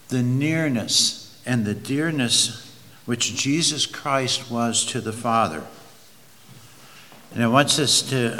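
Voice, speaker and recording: A man's voice: mid-range voice, sharp tone, big-room sound. A man preaching an expository sermon, reading verses aloud and leaning hard on key words. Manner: slow, emphatic, drawn-out stresses on key words.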